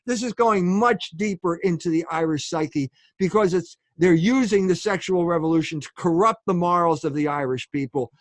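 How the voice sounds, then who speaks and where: High-voiced man lecturing emphatically, dry sound. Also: moderate pace, few pauses, no room sound. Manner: emphatic, asks rhetorical questions, says "okay?" often. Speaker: guest author. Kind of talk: lecturing interview answer.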